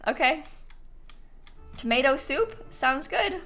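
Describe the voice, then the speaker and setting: A woman's voice: high voice, expressive, slow pace, pushed and bright, soft background music. A young woman streaming a video game live, chatting casually and reading quest text aloud. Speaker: gaming streamer.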